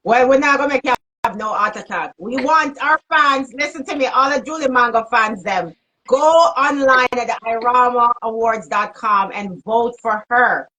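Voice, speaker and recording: A woman's voice: a little high, moderate pace, sharp tone, rough recording. A woman hosting an interview on a video call, encouraging and promotional. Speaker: host. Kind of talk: interview host.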